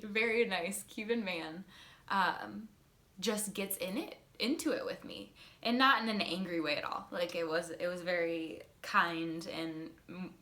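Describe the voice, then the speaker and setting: A young woman talks into her camera in a loose, meandering storytime, giggling and restarting her sentences. She sounds stoned, and her mid-pitched voice bounces around a roomy, echoey space. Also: pushed and bright. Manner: rambling, giggly, lots of fillers and restarts. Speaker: vlogger. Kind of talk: casual storytime monologue. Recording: roomy echo.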